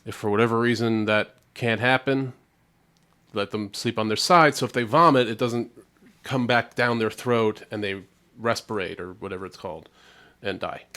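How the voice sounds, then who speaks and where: A man's voice: on the low side, normal speed, pushed and bright. Chatty self-deprecating man. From Connecticut. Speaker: reaction video host. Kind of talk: casual reaction commentary.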